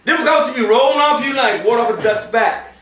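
A man giving a Friday sermon, switching between shouted acted-out voices and hushed, quiet passages. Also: extremely high pitch, lively intonation, quick pace. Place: mosque prayer hall. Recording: echoey room from a distance.

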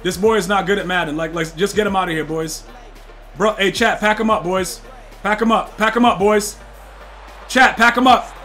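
Brash high-voiced streamer trash-talking. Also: male voice, steady tone, fairly quick, soft background music. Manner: brash slangy trash talk, yelling at the game. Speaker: gaming streamer. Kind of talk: live game stream commentary.

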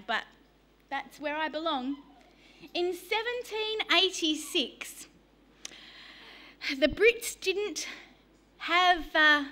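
An Australian woman preaching a sermon, telling stories in a lively, humorous way. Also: sits high. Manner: lively storytelling with humour.

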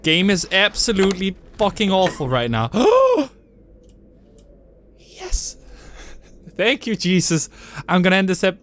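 In this let's play, a young male gamer reacts to a horror game by screaming and swearing at the scares and joking with himself, with game music and sounds running clearly underneath. He has a high, a bit bright voice with lively intonation and speaks at normal speed.

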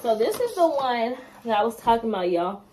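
A woman's voice: on the high side, very animated, fairly quick, mellow, a little hiss or hum. Chatty young woman vlogging to her phone. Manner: chatty, talks straight to viewers. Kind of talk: casual vlog chat. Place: car and home.

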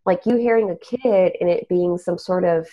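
A woman's voice: fairly low pitch, moderate pace, warm tone. A young adult woman hosting a podcast, telling a spooky story in casual chat. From Texas. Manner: storytelling, trailing off. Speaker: podcast host. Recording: dull lo-fi recording.

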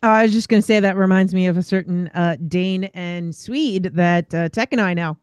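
A woman's voice: fairly low pitch, normal speed, darkish tone, clean tone, no room sound. A woman in casual conversation, reading the live chat and adding her own thoughts. She talks in a chatty way with frequent fillers. The recording is dry and close. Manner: chatty, many fillers and restarts.

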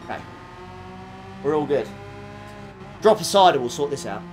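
A young man streaming a racing game, reacting excitably with frequent laughs and quick apologies while talking to his chat. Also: fairly high pitch, slight background noise. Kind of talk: live racing game commentary. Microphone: desktop USB condenser mic.

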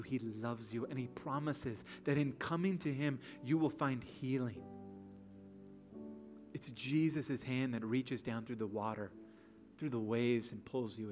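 A man's voice: medium pitch, darkish tone. A man preaching a sermon as pastor in a church, earnest and building to emphatic passages. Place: church sanctuary.

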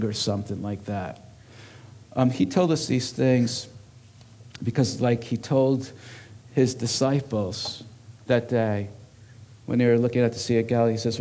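A man's voice: medium pitch, moderate pace, mellow. A man preaching a sermon as a pastor at a church service, earnest and emphatic.

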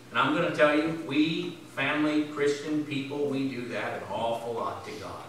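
Pastor guy preaching in a big echoey church, sharp bright voice, mic kinda far off. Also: animated, moderate pace, slight background noise. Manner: swings from loud emphatic bursts to low quiet asides. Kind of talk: sermon. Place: church sanctuary.

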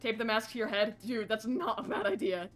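A woman's voice: on the high side, steady tone, fairly quick, faint music behind. A young woman streaming a horror game live, jittery and self-deprecating, chatting with her viewers. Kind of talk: casual live gameplay commentary.

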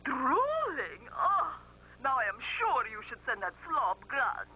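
A woman's voice: sits high, huge pitch swings, slow, pushed and bright, breathy edge, exaggerated voice, poor audio. A woman voicing a whiny, easily offended young sidekick in a children's TV sketch, wailing her complaints.

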